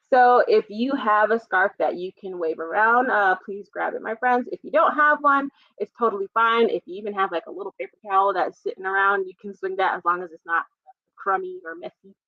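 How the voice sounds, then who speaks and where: A woman's voice: medium pitch, normal speed, dry recording, phone-quality sound. Cheerful woman reading a children's storytime. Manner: gentle, encouraging, reads aloud then explains simply. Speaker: children's librarian.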